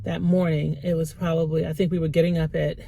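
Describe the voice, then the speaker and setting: A woman's voice: low-pitched, level tone, fast talker, vocal fry, warm tone. A middle-aged woman speaking candidly and emotionally in a personal faith vlog, rambling and repeating herself as she shares. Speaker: Christian motivational vlogger.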